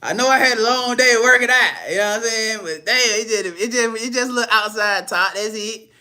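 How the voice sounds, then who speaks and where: A young man with a slightly raised pitch chats loosely on a live stream. He rambles and swears, restarts his sentences often, and reads viewers' comments aloud as he answers them. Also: moderate pace, pushed and bright. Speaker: live stream psychic reader.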